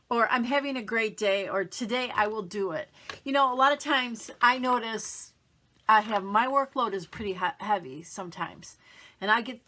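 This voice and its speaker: Bright, chatty motivational woman. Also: mid-range voice. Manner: chatty, upbeat, acts out quoted self-talk. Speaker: motivational vlogger. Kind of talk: casual motivational talk to camera.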